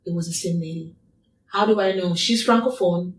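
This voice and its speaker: A woman's voice: lowish voice, moderate pace, a little hiss or hum. A woman guest in an interview, telling a personal story in a repetitive, emphatic way. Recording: echoey room, distant mic.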